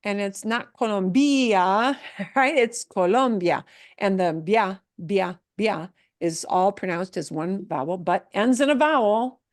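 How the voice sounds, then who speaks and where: Woman, Spanish teacher, slow deliberate delivery, dry close sound, playful repeats. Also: mid-range voice, animated, no room sound. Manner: playful, drawn-out repeated words. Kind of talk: pronunciation lesson.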